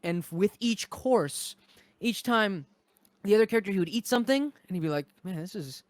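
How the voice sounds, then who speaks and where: A man chatting casually on a podcast, retelling stories with lively acted-out quotes. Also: sits high, a little fast, no echo. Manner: animated storyteller, acts out quotes. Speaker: podcast cast member. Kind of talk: casual chat.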